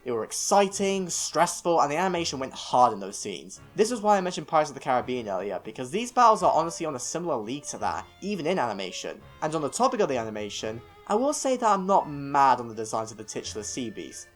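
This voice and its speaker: A man's voice: fairly high pitch, sing-song, quick pace, few pauses, soft background music. A young British man reading a scripted film review, opinionated and self-mocking with rambling asides. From United Kingdom.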